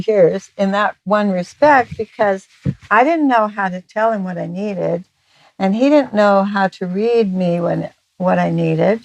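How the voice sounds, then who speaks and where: A woman's voice: mid-range voice, gravelly, a little mellow, no echo, poor audio. A middle-aged woman giving a candid, confessional talk about her marriage, acting out the dialogue as she tells it. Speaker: speaker on relationships. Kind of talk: personal storytelling talk.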